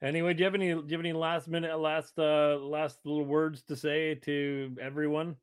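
A man's voice: a little high, little pitch movement, fairly quick, clear, resonant tone. A man co-hosting a podcast in casual, rambling, jokey chat, slipping into silly voices when he tells stories. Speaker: podcast co-host.

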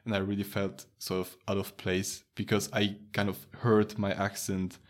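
A man's voice: fairly low pitch, little pitch movement, normal speed. A man with a light Romanian accent, a native Romanian speaker, chatting casually with a friend, laughing often and restarting his sentences. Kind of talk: casual chat.

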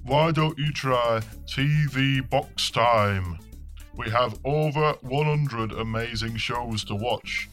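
A man voicing a cheesy advert announcer in a spoof commercial, overselling every word in a salesy pitch. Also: fairly bright tone.

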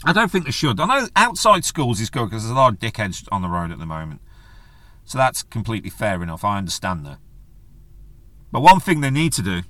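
A man's voice: fairly low pitch, sharp tone, dry recording. A man hosting his own solo podcast, ranting in a blunt, crude, joking way with plenty of swearing. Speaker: podcast host. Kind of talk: casual solo podcast rant.

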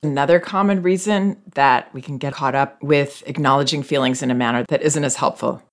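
A parenting advice host talks through listener questions in an unhurried, conversational way. The voice sits in a middling pitch and stays measured and patient. The tone is gently reassuring, like someone explaining things to parents who are struggling. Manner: calm, reflective, explains patiently.

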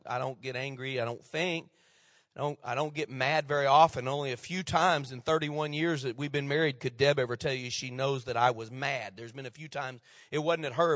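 Pastor in his fifties, folksy storyteller, slightly high voice, preaching in a church with long reverb. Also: fairly bright tone, clean studio sound. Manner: folksy storytelling with repeated restarts. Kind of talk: sermon. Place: church sanctuary.

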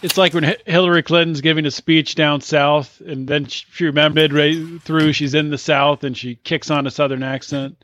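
A man's voice: fairly high pitch, steady tone, moderate pace, hardly any pauses, a bit bright, a little hiss or hum. A man in a casual comedic podcast chat, asking questions and chiming in. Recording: dry, dull lo-fi mic.

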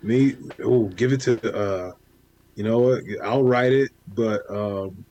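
Podcast co-host, male, animated storyteller, casual and loose. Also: slow pace, lo-fi sound. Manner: animated storyteller, jumps high for quoted asides. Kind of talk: casual chat.

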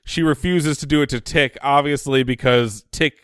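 Male podcast co-host, clear resonant voice, reflective, dry close recording. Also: medium pitch, normal speed, a bit bright, no room sound. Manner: reflective, poses questions. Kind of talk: casual recap chat.

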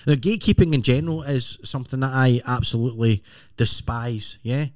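A man's voice: medium pitch, a little fast, a little mellow, dry recording, clean studio sound. A man with a west of Scotland accent, co-hosting a casual podcast chat, often saying "aye" and "right?". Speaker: podcast co-host.

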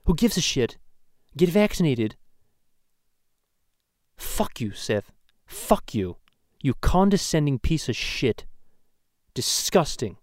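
A man's voice: fairly high pitch, sing-song, takes it slowly, long pauses, no room sound, clean studio sound. A man voicing a foul-mouthed cartoon baby, ranting profanely and rambling in a comedic podcast. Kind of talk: comedic podcast rant in character.

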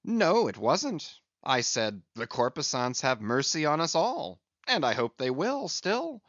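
A man's voice: on the high side, very animated, unhurried, no echo, highs cut off. Stubb, a man doing a brash joking sailor. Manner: loud exclamations, jocular. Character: Stubb, brash joking male second mate.

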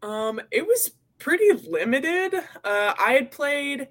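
A woman's voice: high-pitched, very animated, takes it slowly, a bit bright. Upbeat young woman guest. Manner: upbeat, laughs easily. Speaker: guest, pro rugby player. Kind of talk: casual interview answers.

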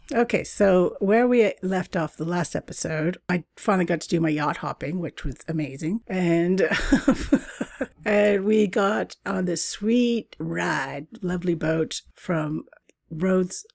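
A woman's voice: on the low side, measured pace, gravelly, no room sound, clean studio sound. A middle-aged woman from Canada hosting a travel podcast, chatting casually in a bubbly way and laughing often. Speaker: podcast host.

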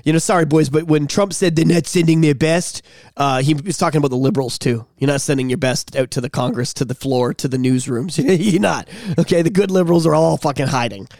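A man's voice: a little high, brisk, gravelly, darkish tone, no echo, studio quality. A man hosting a podcast, ranting in a heated, profane way in casual chat. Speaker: podcast host.

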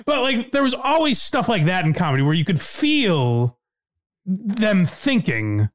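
A man co-hosting a podcast in casual discussion, talking quickly and animatedly with plenty of fillers. His voice sits a little higher than most men's. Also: very animated. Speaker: podcast co-host.

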